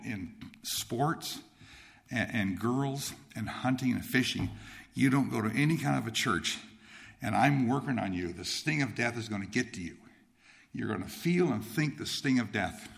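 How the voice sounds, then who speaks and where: A man's voice: mid-range voice, animated, moderate pace, creaky. God, patient and insistent, as a man quotes him. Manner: repetitive, insistent.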